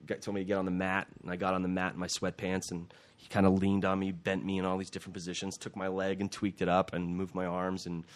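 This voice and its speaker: A man's voice: deep voice, quick pace, few pauses. A middle-aged man, an actor guest, telling a story in a casual interview and acting out quoted lines. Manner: animated, acts out quoted lines.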